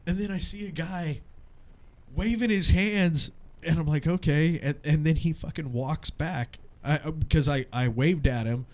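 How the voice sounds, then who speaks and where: A man in his thirties co-hosts a casual radio show, trading podcast-style banter and telling stories in an animated, profane way punctuated by laughter. His voice is fairly high and unhurried.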